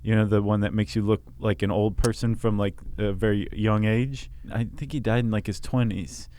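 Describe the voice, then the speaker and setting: A man's voice: fairly low pitch, steady tone, normal speed, dark tone. A man co-hosting a podcast in casual chat, with dry joking asides. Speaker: podcast co-host.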